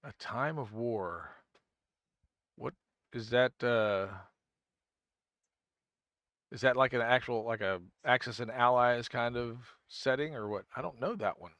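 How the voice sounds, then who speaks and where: A man's voice: mid-range voice, measured pace, pauses often, a bit bright, smooth, no room sound. Rambling male game streamer, dry sound. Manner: rambling, thinks aloud, answers chat; frequent self-restarts. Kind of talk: casual live-stream chat.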